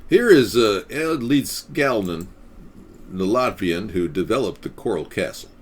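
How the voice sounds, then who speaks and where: A man's voice: lowish voice, animated, unhurried, husky. A young man hosting a live stream, loosely chatting with many fillers and reading an article aloud.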